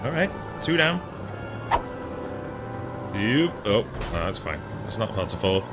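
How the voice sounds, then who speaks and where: A man's voice: on the low side, big pitch swings, slow pace, loud music behind the voice. A man hosting a let's play, giving chatty, self-mocking gameplay commentary and laughing often.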